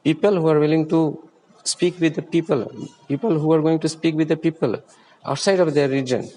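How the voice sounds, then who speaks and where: A man's voice: on the high side, steady tone, brisk, mellow, big-room sound, rough recording. A man with an Indian accent, a native Hindi speaker, teaching English pronunciation patiently and repeating sample words. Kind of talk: explanatory lesson.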